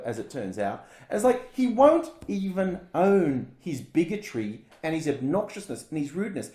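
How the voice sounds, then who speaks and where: A man's voice: fairly high pitch, very animated, normal speed, hardly any pauses, warm tone. A man co-hosting a casual political chat, ranting bluntly and sarcastically. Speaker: podcast co-host. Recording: roomy echo.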